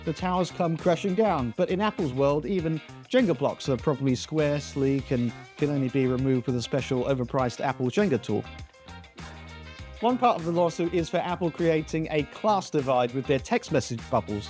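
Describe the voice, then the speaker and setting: Man hosting a jokey tech news show, slightly high voice, dry self-mocking quips over faint music. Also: lively intonation, fairly quick, a little mellow. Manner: sarcastic, self-deprecating jokes. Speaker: comedy tech news host. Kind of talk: comic tech news monologue.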